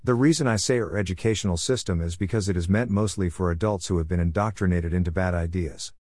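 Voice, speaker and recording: Very deep-voiced man reading a preachy letter. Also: quick pace, a little mellow, no echo, studio quality. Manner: blunt, preachy and irreverent. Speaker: podcast host.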